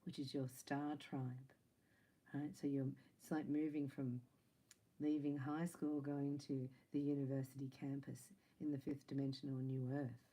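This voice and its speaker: Female psychic reader, low mellow voice, chatty and playful with laughs. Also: level tone, moderate pace, a little hiss or hum, rough recording. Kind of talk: casual spiritual reading to camera.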